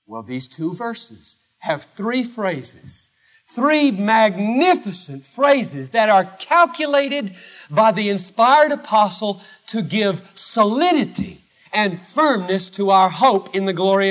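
Slow, lively-pitched preaching man. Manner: emphatic, swinging from loud declaration to hushed low phrases with long pauses. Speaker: pastor. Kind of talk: sermon.

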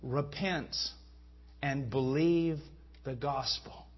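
A man's voice: medium pitch, drawn-out words, husky. A man preaching a sermon with fervent delivery that rises to emphatic peaks. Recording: dull lo-fi sound.

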